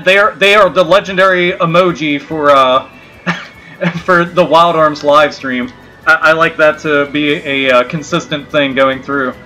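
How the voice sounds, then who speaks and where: A man ranting to his livestream chat in a bright, forceful voice, swearing freely and circling back on himself. Faint music plays under him. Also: on the high side. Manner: profane, blunt and ranting; rambling with many restarts. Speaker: gaming livestream host.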